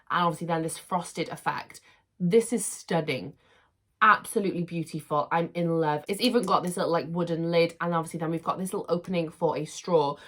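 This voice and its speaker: A young woman chats her way through an unboxing at home, gushing and excitable over each item. Her voice sits a little low for a woman, and she talks in a loose, casual way. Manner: gushing, excitable, laughs often. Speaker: unboxing vlogger.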